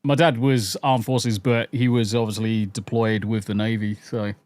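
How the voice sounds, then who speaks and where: A man's voice: lowish voice, flat delivery, normal speed, a little mellow, dry recording. Chatty English man with mixed accent. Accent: mixed English, part Southern, Northern, Midlands and Essex. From English Midlands. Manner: chatty, swears casually, repeats phrases. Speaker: podcast host. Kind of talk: casual podcast chat.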